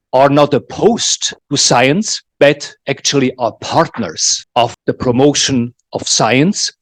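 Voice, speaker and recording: A man hosting a public forum and formally introducing the guest speaker in a measured, slightly halting way. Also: medium pitch, no room sound.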